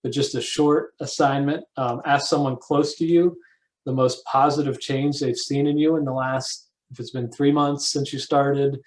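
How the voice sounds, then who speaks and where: Halting male counselor giving a lesson. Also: medium pitch, steady tone, poor audio. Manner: halting, frequent restarts and fillers. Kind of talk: recovery program lesson.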